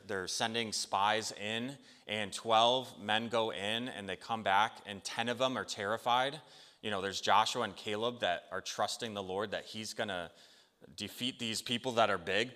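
A man's voice: fairly low pitch, normal speed, bright, forceful tone. A man preaching a sermon in an earnest, conversational way, acting out the people he quotes. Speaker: pastor. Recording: long hall reverb.

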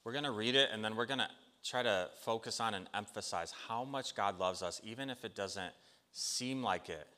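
A man's voice: on the low side, normal speed, sharp tone. A man preaching a sermon in an earnest, conversational way, acting out the people he quotes. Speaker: pastor. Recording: long hall reverb.

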